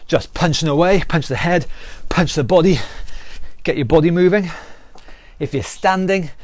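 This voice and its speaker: A man's voice: fairly high pitch, a little mellow. A British man leading a live online workout as fitness instructor, counting down and cheering people on, at times out of breath. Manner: upbeat, encouraging counting and cueing. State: out of breath after exercise.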